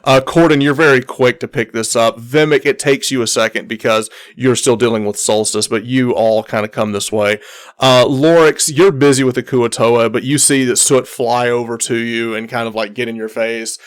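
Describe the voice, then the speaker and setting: A man's voice: mid-range voice, fairly even intonation, normal speed, clean tone. Hesitant male game master narrating. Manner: hesitant, many fillers and repeated words.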